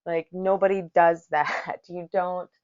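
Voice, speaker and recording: Woman podcast host, casual storytelling, swears freely, lowish voice, muffled lo-fi sound. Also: slow pace. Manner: profane, rambling, animated storyteller. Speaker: podcast host, yoga teacher. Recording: dull lo-fi recording.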